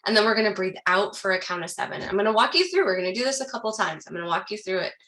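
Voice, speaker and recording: A woman leading an online wellness workshop, talking to her audience in an upbeat, encouraging way and guiding them through calm breathing. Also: medium pitch. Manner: slows into soft calm guidance during breathing exercise. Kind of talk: live online workshop talk with guided breathing.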